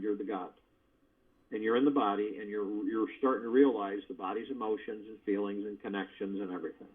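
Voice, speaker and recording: A man hosting a meditation call, giving spiritual teaching in a folksy, conversational way full of rhetorical questions. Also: mid-range voice. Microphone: phone. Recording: dull lo-fi conference call line.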